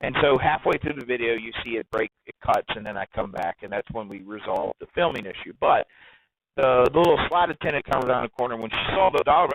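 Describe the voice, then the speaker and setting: A man telling a story as an interview guest, animated and excitable as he talks. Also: mid-range voice, fast talker, no room sound, highs cut off. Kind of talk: casual storytelling.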